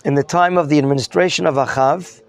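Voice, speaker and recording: A man's voice: fairly high pitch, fairly even intonation, fast. A man teaching a Torah lesson as a rabbi, questioning his students and mixing in Hebrew terms. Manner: questions the students and prompts answers.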